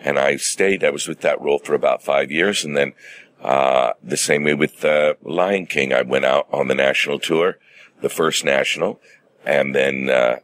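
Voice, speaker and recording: A middle-aged man, a stage actor, telling stories in a relaxed, measured way as an interview guest. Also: extremely low pitch. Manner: measured, theatrical anecdote-telling with acted-out quotes.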